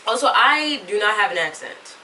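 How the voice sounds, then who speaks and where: A woman's voice: medium pitch, lively intonation, normal speed, bright, forceful tone. A young woman with a put-on Southern US drawl, chatting to camera in a rambling, talkative way, recorded at home. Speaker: vlogger. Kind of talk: casual chat to camera. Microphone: camera mic at a distance. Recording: distant camera mic, faint room noise.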